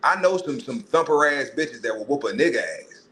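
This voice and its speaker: A man hosting a podcast, ranting in a profane, animated way and putting on mocking voices. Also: mid-range voice, a little fast, poor audio. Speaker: podcast host. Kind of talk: casual monologue.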